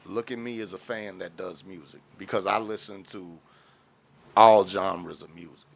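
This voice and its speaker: A man with a fairly low voice talks about his music in an easy interview setting. He answers in a loose, animated way, drifting into anecdotes and leaning on fillers as he goes. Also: moderate pace, creaky. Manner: animated storytelling with many fillers. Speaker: underground hip hop artist.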